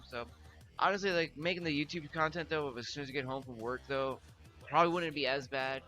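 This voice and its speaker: Rambling, bright-voiced young male streamer. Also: medium pitch, fast talker, soft background music. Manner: rambling, heavy filler words, laughs often. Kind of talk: casual chat with viewers. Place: home room.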